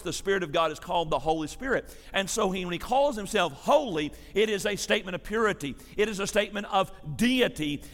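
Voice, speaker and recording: A man preaching a sermon as a pastor, folksy and animated, with a drawl and chatty asides. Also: high-pitched. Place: church sanctuary. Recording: long hall reverb.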